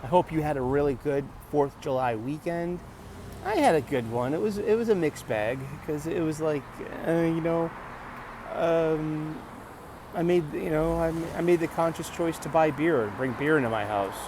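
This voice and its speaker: Man at a bus stop talking off the cuff, halting and joking, over loud traffic noise. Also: fairly high pitch, expressive. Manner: halting, restarts words, jokey asides. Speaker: vlogger. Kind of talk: casual rambling monologue. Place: outdoors at a bus stop by a street. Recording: busy street noise around the mic. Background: passing traffic.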